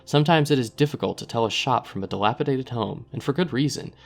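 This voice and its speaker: A man hosting a gaming video, reading story text aloud and thinking out loud between choices. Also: medium pitch, quick pace, gravelly. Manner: relaxed, thinks aloud with fillers.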